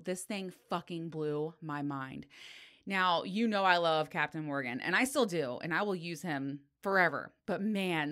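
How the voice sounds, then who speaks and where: A middle-aged woman hosts her own podcast and talks through her week in a loose, foul-mouthed way. Her pitch swoops widely as she tells a story, and her voice has a bright, sharp edge. She laughs a lot between lines. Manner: animated and profane, laughs often. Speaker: podcast host. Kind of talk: casual solo podcast storytelling.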